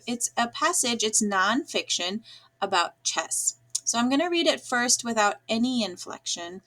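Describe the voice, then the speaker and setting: A woman teacher giving a lesson to children, speaking slowly and clearly with frequent pauses and "um"s. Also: fairly high pitch, fairly bright tone. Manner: encouraging, slow and clear, with frequent "um"s.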